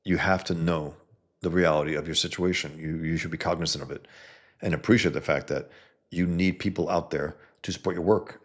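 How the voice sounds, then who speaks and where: Speaking in a deep, creaky voice, a livestream host addresses his chat casually and bluntly, swearing freely. He rambles and frequently starts sentences over, picked up by a computer mic without a headset.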